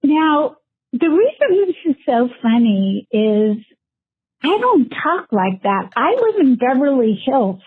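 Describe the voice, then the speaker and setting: A woman's voice: high-pitched, very animated, slow pace, slightly rough, no echo. A woman caller leaving a heartfelt, chatty voicemail. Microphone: phone. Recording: tinny phone line voicemail.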